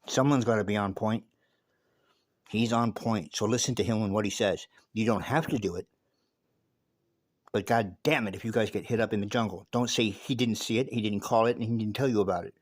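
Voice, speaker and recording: A man's voice: fairly low pitch, a little fast, dry recording, clean studio sound. A man giving a casual spoken monologue and telling a story, emphatic and profane, often repeating words as he goes.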